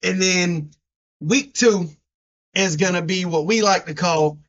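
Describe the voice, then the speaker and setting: A man with a Southern drawl and a notably high-pitched voice cohosts a sports podcast, brash and teasing as he leans on his words. The recording sounds dull and lo-fi. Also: fairly bright tone. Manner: brash, teasing, drawn-out emphasis. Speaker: podcast co-host. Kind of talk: casual sports chat.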